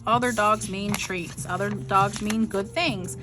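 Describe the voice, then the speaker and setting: A woman's voice: mid-range voice, fairly even intonation, measured pace, music in the background. A middle-aged woman telling a rambling, frustrated story in a casual vlog, full of likes and ums. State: frustrated, near tears. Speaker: vlogger.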